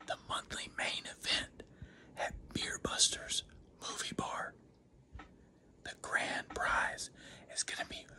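A woman trivia host making a playful promo announcement in a hushed whisper.

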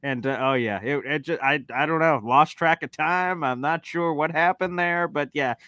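A man hosting a live show, telling an awkward personal story in a lively, animated way. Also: fairly high pitch, moderate pace, dry recording. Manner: animated, acts out voices in his anecdotes. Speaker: show host. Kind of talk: casual chat.

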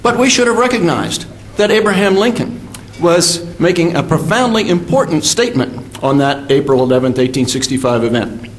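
An older man, a history professor, giving a measured academic lecture with fillers and self-corrections. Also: a little high, lively intonation. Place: symposium hall.

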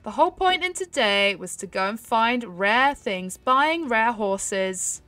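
A young woman chatting excitedly to her viewers while she plays a horse game, giggling often. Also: on the high side, slow, dry recording, soft background music. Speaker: gaming YouTuber. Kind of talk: casual gameplay commentary.

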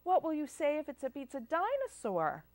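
A woman's voice: high-pitched, huge pitch swings, normal speed, darkish tone. A woman reading picture books aloud to children at a library storytime, sing-song and asking them questions. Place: public library. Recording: local cable TV taping.

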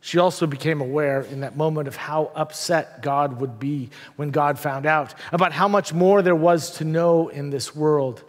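Storytelling male pastor in a reverberant church. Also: a little high. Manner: storytelling, with dramatic pauses; wry asides. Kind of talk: sermon. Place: church sanctuary.

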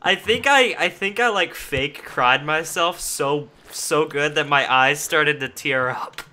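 Bright-voiced man bantering over a game. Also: a little high. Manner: joking, teasing, quick back-and-forth. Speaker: server owner and group leader. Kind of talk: casual gaming chat.

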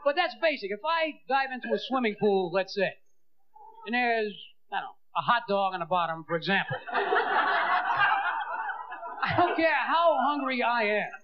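High-voiced man doing rapid-fire stand-up on an old tape. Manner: fast, animated, acting out voices of people and the movie. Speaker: stand-up comedian. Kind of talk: stand-up comedy routine. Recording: dull lo-fi tape with clear hiss.

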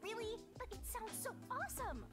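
A cheerful young female detective speaks politely in a video game. Her voice is very high. Loud game music plays behind. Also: lively intonation, brisk. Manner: polite, eager.

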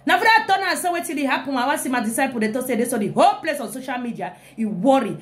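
A young woman, hyping her comic live video in an animated way with frequent exclamations. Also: high voice, rapid-fire. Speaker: live-stream comedian.

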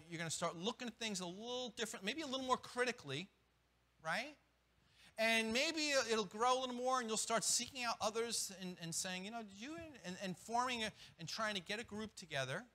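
A man preaching a sermon as pastor, animated, with quick restarts and acted-out asides. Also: high-pitched. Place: church.

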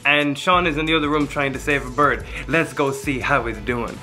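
A young man filming a casual travel vlog, excitable and swearing freely. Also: mid-range voice, normal speed, soft background music. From Ireland. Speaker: vlogger. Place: outdoors and inside an abandoned train.

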